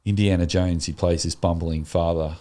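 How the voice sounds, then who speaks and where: A man's voice: deep voice, fairly even intonation, normal speed, warm tone. A man co-hosting a church podcast, chatting casually and telling a rambling story with enthusiasm. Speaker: podcast co-host. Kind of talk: casual chat.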